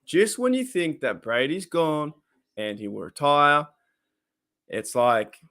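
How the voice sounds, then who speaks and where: A man with an Australian accent hosting a casual live-stream reaction to a football game, rambling between excitable play-by-play calls. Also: fairly high pitch, slow pace.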